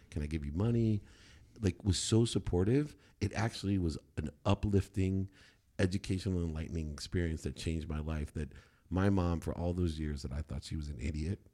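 A middle-aged man, a podcast guest, telling a candid personal story in an emphatic way. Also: extremely low pitch. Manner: emphatic, animated when quoting himself.

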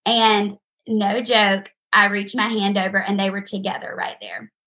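A woman's voice: medium pitch, level tone, unhurried, pushed and bright. A young woman telling an audience a heartfelt personal testimony, speaking earnestly and directly to them. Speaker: speaker sharing her testimony.

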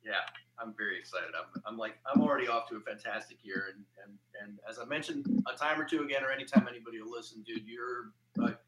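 A man joining a morning show as a guest over a video call, excited and rambling in casual chat. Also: medium pitch, fast. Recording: echoey room, loud noise.

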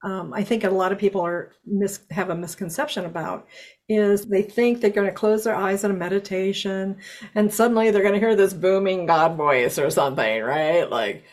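A woman's voice: medium pitch, moderate pace, darkish tone. Affirming female podcast host. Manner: affirming, sums up the guest's words. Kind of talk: reflective interview talk.

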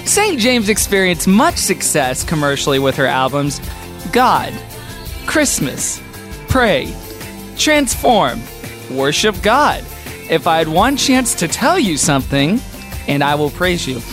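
Lively, joking male podcast host. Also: fairly high pitch, takes it slowly, over music. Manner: wry, joking delivery with frequent laughter. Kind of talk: comedic podcast chat.

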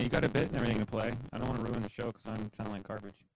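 A man's voice: lowish voice, flat delivery, racing, creaky, no echo, low-quality recording. A man co-hosting a live podcast, easygoing and self-deprecating in casual banter. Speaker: podcast co-host.

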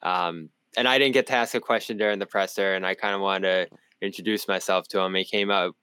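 Boston-accented man with a low, smooth voice. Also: fairly even intonation, a little fast, pushed and bright, no room sound. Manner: rambling analysis with frequent restarts. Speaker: sports reporter and podcast co-host. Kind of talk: casual basketball chat.

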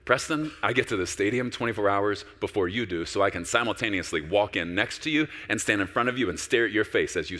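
A man preaching, voicing a gentle, doting heavenly father in a soft, hushed, lower voice.

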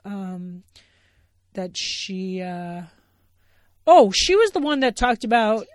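A woman's voice: medium pitch, sing-song, takes it slowly, a little mellow, no room sound, clean studio sound. A woman hosting her own podcast, talking alone in a rambling, enthusiastic way with many fillers and restarts. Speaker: podcast host. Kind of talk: casual solo podcast talk.

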